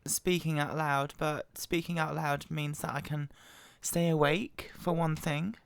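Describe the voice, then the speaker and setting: Woman, hoarse with a cold, halting and quiet, smooth tone under the strain. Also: steady tone, no room sound. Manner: quiet, halting, voice wobbling in pitch. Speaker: Bible reader. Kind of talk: slow scripture reading. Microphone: very close to the microphone.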